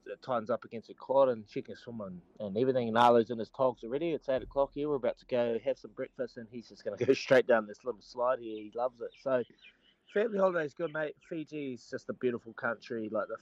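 A man's voice: medium pitch, fast talker, dry recording, lo-fi sound. A man, co-hosting a casual sports chat and telling stories with lots of laughter. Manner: animated storyteller, laughs often. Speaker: co-host, former rugby player. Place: on holiday, joining remotely.

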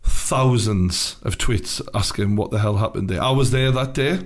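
A man's voice: on the low side, normal speed. A man hosting a podcast from North East England, chatting casually and swearing freely as he tells an anecdote. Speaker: podcast host. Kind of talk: casual chat.

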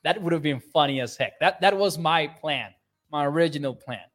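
A man's voice: on the high side, lively intonation, moderate pace, a bit bright. A young man hosting a sports livestream, reading viewer comments aloud in an upbeat, chatty way and laughing often. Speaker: sports podcast host.

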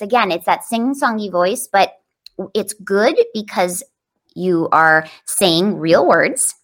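A woman on a podcast explaining plainly and energetically how to teach toddlers new words. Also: lowish voice. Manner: lively, explanatory, demonstrative.

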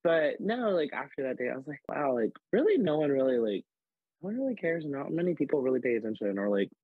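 A man with a husky, breathy voice tells stories in a loose, chatty way, leaning on "like" as he goes. The audio is dry and a little dull, like a modest home podcast setup. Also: fairly high pitch, fast, dry recording. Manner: animated, filler-heavy storytelling with many "like"s. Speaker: podcast guest, drag performer. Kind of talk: casual storytelling chat.

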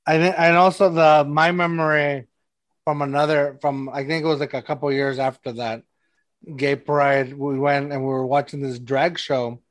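A man's voice: a little high, little pitch movement, moderate pace, dry recording. A man hosting a podcast, telling stories in a rambling, casual way full of "like". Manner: rambling storyteller, lots of "like". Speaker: podcast host. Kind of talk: casual chat.

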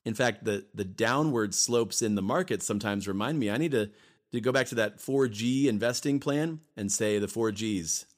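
Chatty, emphatic man with a lowish voice. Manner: chatty, emphatic, repeats himself, acts out quick voices. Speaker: podcast co-host. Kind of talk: casual podcast talk.

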